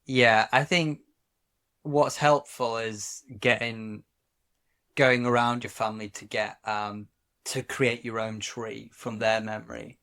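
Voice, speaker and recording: A man co-hosts a relaxed podcast conversation at a middle pitch. He talks hesitantly, padding his thoughts with "um" and "so" and restarting his sentences as he goes. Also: takes it slowly. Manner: hesitant, filler-heavy. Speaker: podcast co-host. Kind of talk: casual chat.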